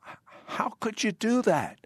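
A man's voice: high voice, big pitch swings, unhurried, husky, no room sound, clean studio sound. A man hosting a faith radio interview, eager, with stammering starts and preachy asides. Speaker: radio host. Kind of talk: interviewing a guest.

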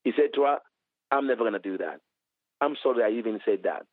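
A man minister telling a lively testimony in an interview, acting out quoted dialogue as he goes. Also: medium pitch, fast, no echo, phone-quality sound. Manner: animated storytelling with quoted dialogue. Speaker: minister, author.

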